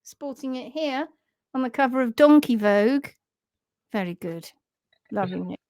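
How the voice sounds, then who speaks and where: A woman hosts a casual live stream about horse care, chatty and quick to giggle. Her voice is high and bright in tone. The sound is close and dry. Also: expressive, no room sound.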